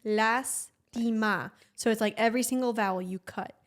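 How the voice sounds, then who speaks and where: A woman's voice: a little high, fast talker. A young woman from Argentina, native Spanish speaker, co-hosting a podcast and explaining things patiently. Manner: explains things patiently, thinks aloud with fillers. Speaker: podcast co-host. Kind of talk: casual chat.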